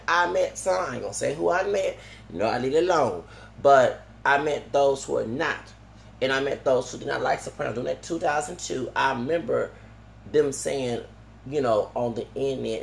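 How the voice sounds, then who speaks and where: This male vlogger's heavily gravelly, medium-pitched voice rambles through a wandering monologue, restarting sentences and tagging on "okay?" as he goes. The room is echoey, with faint ambience and a little hiss or hum.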